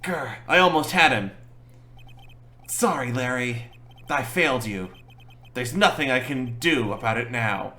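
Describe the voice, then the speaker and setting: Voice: mid-range voice, a little slow, pauses often, bright, forceful tone. A man voicing a flustered, anxious young male defense lawyer in a game. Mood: dejected. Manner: flustered, dejected.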